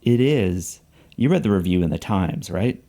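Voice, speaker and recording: A man's voice: low-pitched, expressive, normal speed, mellow. A man reading a novel passage aloud, voicing a vain, tense male banker who talks through gritted teeth and hisses in whispers. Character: vain, tense male Wall Street banker, simmering anger.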